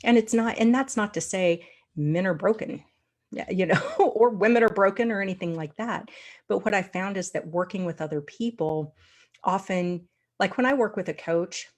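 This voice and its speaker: A woman's voice: mid-range voice, normal speed, darkish tone. A woman coach talking in an earnest, reflective way, often laughing lightly mid-thought. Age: adult with a daughter. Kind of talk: casual conversation.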